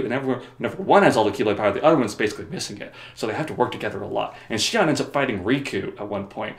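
A man's voice: lowish voice, very fast, few pauses. Rambling, joking man in a roomy room. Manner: joking, rambling, sarcastic asides. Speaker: video host. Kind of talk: comedic story summary.

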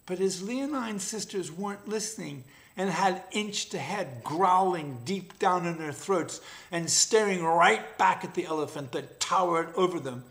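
A man's voice: high voice, unhurried, hardly any pauses, fairly bright tone. Man reading a fable aloud. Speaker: storyteller. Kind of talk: storybook narration.

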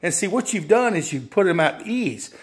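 A man with a fairly high speaking voice gives an easygoing lesson on selling furniture. He talks casually, repeats his phrases and slips into short acted exchanges with customers. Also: very animated, moderate pace. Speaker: furniture sales trainer. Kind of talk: instructional talk with acted sales dialogue.

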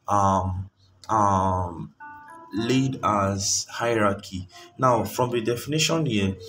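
A man's voice: on the low side, far from the mic, slight background noise. A man giving a screen-recorded graphic design tutorial, rambling as he searches for words and filling gaps with ums.

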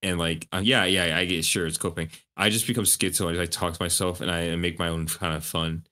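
Man with a very deep voice, guest on a stream, rambling, stammery. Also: fairly even intonation, brisk, bright, forceful tone. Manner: rambling, stammers and repeats words. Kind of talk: casual chat on a live stream.

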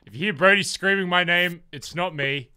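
A 23-year-old man streaming a game, chatting excitedly, swearing often and loudly protesting his innocence. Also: high-pitched, moderate pace, background noise. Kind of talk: casual gaming chat.

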